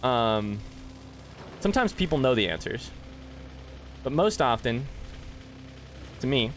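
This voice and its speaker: A man's voice: mid-range voice, very animated, slow pace, a little hiss or hum. Breathless man chatting to his stream. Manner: rambling, thanks chat by name, thinks aloud. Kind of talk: casual live-stream chat.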